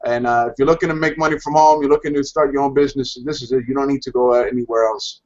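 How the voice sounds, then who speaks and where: A man giving an enthusiastic sales pitch on a video call, talking in fired-up bursts with lots of stammered restarts. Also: steady tone, fast talker, darkish tone. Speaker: hangout participant. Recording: dull lo-fi video call audio.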